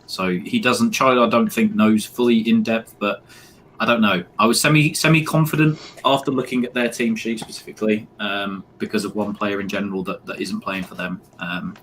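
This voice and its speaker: A man's voice: lowish voice, fairly even intonation, fairly quick, fairly bright tone, a little hiss or hum. A young man co-hosting a live football watch-along, talking hesitantly with many ums. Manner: hesitant, lots of ums, nervous. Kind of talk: casual live-stream chat.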